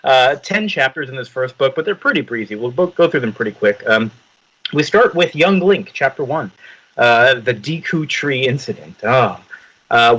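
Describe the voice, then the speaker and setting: A man co-hosting a podcast, casually summarizing a comic with jokes. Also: mid-range voice. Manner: joking, lively summarizer. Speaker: podcast co-host. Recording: dull lo-fi sound.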